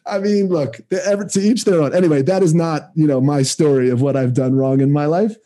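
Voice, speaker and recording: A man's voice: fairly high pitch, brisk, warm tone. A man co-hosting a casual podcast, telling rambling, self-reflective stories. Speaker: podcast co-host. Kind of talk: casual chat.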